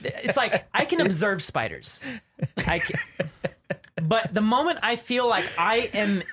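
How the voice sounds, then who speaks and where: A man from Louisiana telling animated stories in a casual group chat, acting out his own yells. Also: high-pitched, measured pace, noisy background.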